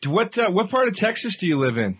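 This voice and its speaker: A man's voice: high voice, very animated, brisk, a bit bright, a little hiss or hum. A man co-hosting a comedy podcast, talking in a wry, defensive, profane way. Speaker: podcast co-host. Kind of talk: casual comedic banter.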